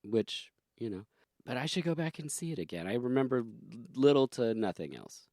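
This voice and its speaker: A man hosting a podcast in loose, casual chat, wry and quick to poke fun at himself. His voice sits at an ordinary middle pitch and sounds dry and close, with no room around it. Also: sing-song, darkish tone, no echo. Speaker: podcast host.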